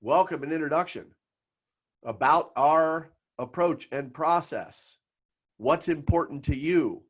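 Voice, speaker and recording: A middle-aged man from South Florida coaching financial advisors in a seminar talk, telling stories with emphatic pauses. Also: a little high.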